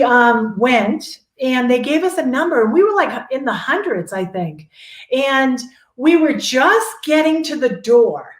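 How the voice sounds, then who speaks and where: A woman telling a story in casual chat, lively and laughing, acting out what people said. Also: on the high side. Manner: animated, laughing, acts out quotes. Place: Sedona, Arizona. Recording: echoey room.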